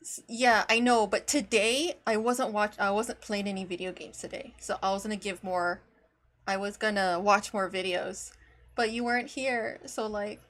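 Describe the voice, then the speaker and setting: A woman's voice: medium pitch, steady tone, moderate pace, a bit bright. A woman streamer chatting casually while reacting to videos, rambling and laughing often, and talking to her cat.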